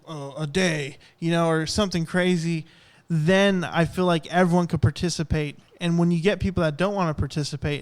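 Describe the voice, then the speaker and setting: A young man co-hosting a podcast, telling rambling, animated stories in casual chat. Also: on the high side, smooth. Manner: rambling, animated storytelling with acted-out quotes. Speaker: podcast co-host.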